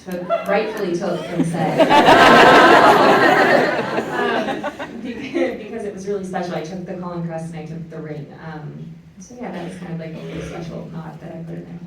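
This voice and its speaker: A woman's voice: lowish voice, steady tone, a little fast, crowd noise. A woman chatting casually as an actress on a fan convention panel, giggling and hesitating with lots of ums. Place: large convention panel hall. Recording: echoey hall from far off, noisy.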